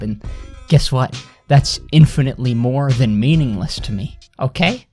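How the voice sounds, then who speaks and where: A young man ranting in a bitter, sarcastic voice at a middle pitch, heavy with swearing. Faint music plays under him. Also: a little mellow. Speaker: vlogger. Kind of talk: angry ranting monologue.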